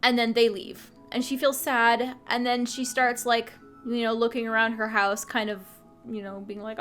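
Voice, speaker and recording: Woman with a slightly high voice rambling through a game story recap, lots of likes and you knows, soft music underneath. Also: fairly even intonation, normal speed. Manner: chatty, full of fillers and restarts. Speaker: game channel host.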